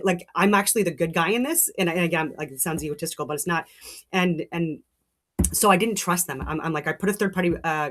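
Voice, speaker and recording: A woman's voice: on the low side, a bit bright. A middle-aged woman hosting a show, talking in a heated, rambling monologue with frequent restarts and swearing. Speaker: show host. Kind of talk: casual monologue.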